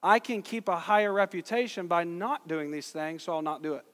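A man's voice: high-pitched, fairly quick, fairly bright tone. A man in his thirties preaching a sermon as pastor, conversational and self-deprecating, asking the congregation rhetorical questions. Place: church sanctuary. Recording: long reverb of a church hall.

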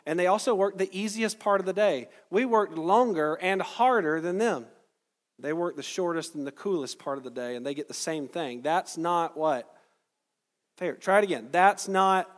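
Conversational pastor preaching in a reverberant hall. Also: male voice, fairly high pitch. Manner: conversational, explains verse by verse, asks the crowd questions. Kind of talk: sermon.

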